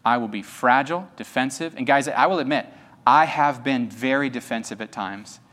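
A man's voice: mid-range voice, moderate pace, fairly bright tone. A male pastor preaching an emphatic sermon, firing rhetorical questions at his congregation. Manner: talks straight to the congregation.

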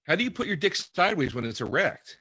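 A man's voice: sits high, sing-song, quick pace, sharp tone, breathy edge. Sheepish stammering man in crude banter. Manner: sheepish, stammering, self-mocking.

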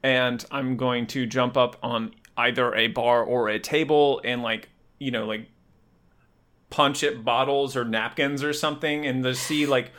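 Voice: mid-range voice, steady tone, unhurried, fairly bright tone. A player in a tabletop game who rambles and giggles while talking.

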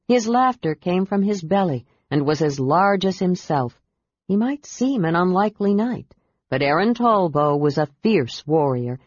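A woman narrating a fantasy novel in an even, measured reading, with a dull lo-fi sound. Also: on the low side, no room sound. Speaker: audiobook narrator. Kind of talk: scripted narration. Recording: dull lo-fi audiobook recording.

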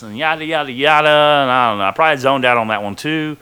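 A man's voice: medium pitch, fast talker, hardly any pauses, sharp tone, clean tone. A man casually telling a rambling, profane story from his own life on a podcast, full of fillers.

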